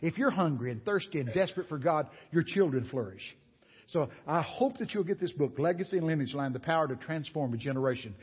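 Speaking fairly quickly in a fairly high, slightly rough voice, a guest preacher animatedly tells stories during his sermon, folksy and full of exclamations. The church sanctuary feels like a large hall, captured in a dull, lo-fi recording.

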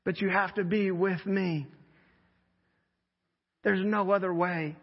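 A man's voice: high voice, fairly even intonation, takes it slowly, creaky. A male pastor preaching a sermon in a conversational, emphatic storytelling way in a church hall. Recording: echoey hall, slightly dull sound.

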